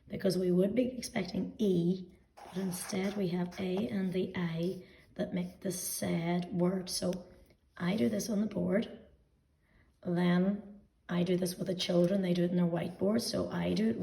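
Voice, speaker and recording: A woman teacher explaining weekly phonics homework to parents, speaking slowly and patiently and sounding out letters one by one. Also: fairly low pitch, vocal fry, warm tone, far from the mic, slight background noise. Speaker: early-years teacher. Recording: echoey room, voice set back from mic.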